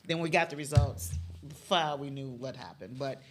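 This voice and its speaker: Over music, a woman with an extremely deep voice talks at an ordinary speed. She is a middle-aged youth mentor from Chicago's West Side recounting faith and loss in a heartfelt interview, and she sinks nearly to a whisper whenever she is moved.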